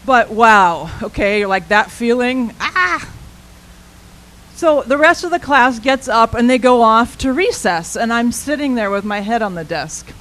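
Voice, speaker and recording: A woman, an intern minister, telling a personal story as a sermon in an animated, conversational way. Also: on the high side, moderate pace, few pauses, poor audio.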